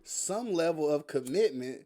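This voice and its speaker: A man's voice: fairly high pitch, expressive, measured pace, dark tone. A man hosting a casual live podcast who jokes around, pushes back in debate and reads viewer comments aloud. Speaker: podcast host. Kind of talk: casual live-stream chat.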